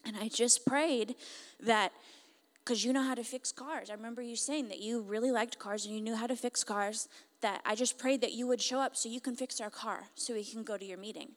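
A hopeful little girl, as a woman puts her on while retelling a story, pleading and rushing her words. The voice sits a little higher than the teller's own and rings with the long reverb of a large hall. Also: fairly even intonation, natural voice. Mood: earnest.

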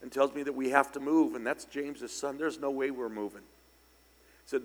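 Older preacher in a reverberant hall. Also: male voice, mid-range voice, steady tone, moderate pace. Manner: conversational, with sudden loud emphatic bursts. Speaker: pastor. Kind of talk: storytelling sermon. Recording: long church hall reverb.

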